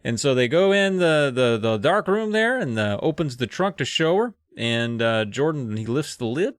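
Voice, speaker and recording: A man's voice: medium pitch, sing-song, moderate pace, clear, resonant tone, dry recording, clean studio sound. A man co-hosting a podcast, casually retelling a book's plot with fillers and swearing. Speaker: podcast co-host. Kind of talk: casual comedic plot recap.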